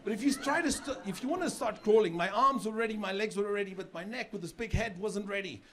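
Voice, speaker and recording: The recording is very noisy: a middle-aged South African comedian talks fast in a high voice during a chatty live set. Onstage at a comedy club, he keeps repeating words as a joke builds, and audience laughter comes through.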